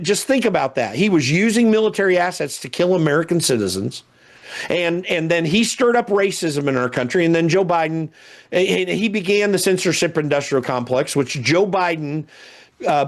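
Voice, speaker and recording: A man speaking as a guest commentator, building his points emphatically with repeated words. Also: a little high. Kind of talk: political commentary.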